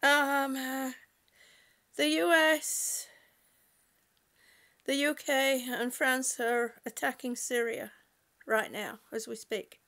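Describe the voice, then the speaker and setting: Woman livestreamer, high voice, unhurried, chatty, reads out comments, laughs a lot, at home. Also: fairly even intonation, a bit bright. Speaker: livestreamer reading viewer chat. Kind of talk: casual livestream chat. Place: at home indoors.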